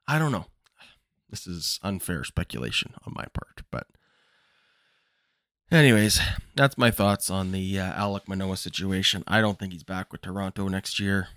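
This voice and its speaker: Man, podcast host, low voice, dry close recording, casual opinionated commentary. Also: normal speed, a bit bright, no room sound. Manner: opinionated, thinks aloud with ums.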